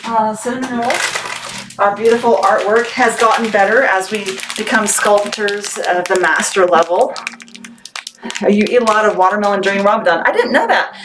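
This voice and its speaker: A woman with a mid-range voice talks at a moderate pace as she packs orders in her home workspace. Bubbly, chatty and quick to laugh, she's running an informal live sales stream for her small family business. Clicks and background noise can be heard.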